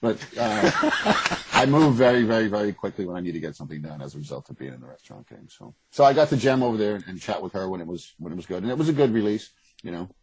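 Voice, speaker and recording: A man's voice: on the low side, big pitch swings, fast, darkish tone, a little hiss or hum, rough recording. A man speaking as a guest in an interview, talking candidly and rambling with restarts. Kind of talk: casual interview conversation. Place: West Coast.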